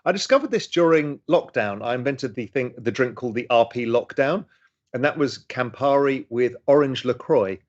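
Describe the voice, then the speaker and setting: Slightly dull lo-fi audio captures a middle-aged host in his home room, eagerly fielding audience questions from the chat. He speaks at a moderate pace in an expressive, mid-range voice.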